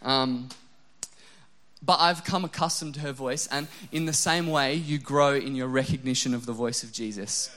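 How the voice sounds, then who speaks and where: A man's voice: mid-range voice, fairly even intonation, moderate pace, sharp tone. A young adult man preaching a casual sermon, mixing self-mocking jokes and lots of "like" fillers into his message. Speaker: pastor.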